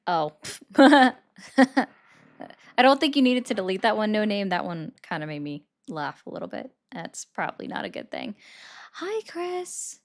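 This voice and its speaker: A woman's voice: mid-range voice, a little fast, vocal fry, hardly any pauses. A woman hosting a political livestream, chatting casually and sarcastically while reading and answering viewer comments. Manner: sarcastic, chatty, talks straight to chat.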